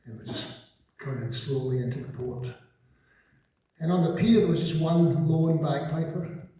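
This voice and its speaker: A man's voice: fairly high pitch, moderate pace, mellow. A man in his seventies from Scotland, telling wry, self-mocking stories onstage between songs. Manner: dry, self-mocking humor. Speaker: singer-songwriter on stage. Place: large concert hall. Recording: echoey concert hall from a distant mic.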